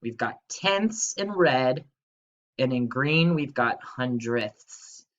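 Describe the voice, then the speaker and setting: A man's voice: medium pitch, expressive, slow pace, a bit bright, highs cut off. A male teacher giving a recorded math lesson, upbeat and coaxing, asking students to repeat after him.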